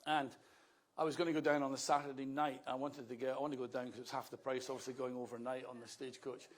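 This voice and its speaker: A man's voice: mid-range voice, flat delivery, fast talker. A Scottish man in his sixties, a politician giving a wry, anecdotal speech at a rally with self-mocking asides. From Scotland.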